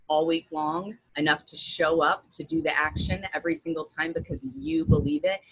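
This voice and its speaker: A woman with a rough morning voice giving an earnest, encouraging pep talk on a coaching call. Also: sits low, dry recording, low-quality recording. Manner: earnest and encouraging, steady build to emphasis.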